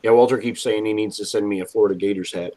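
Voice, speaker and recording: A man from Kansas City, a musician guest, talking casually and haltingly, repeating words, with dry humor. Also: fairly low pitch, fairly even intonation, dark tone, a little hiss or hum, poor audio. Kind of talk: casual video call chat.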